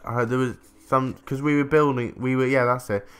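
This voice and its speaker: An English gaming commentator tells a rambling, chatty story over casual gameplay, interrupting himself and swearing casually. His medium-pitched voice is smooth and fairly bright, with a steady tone and moderate pace.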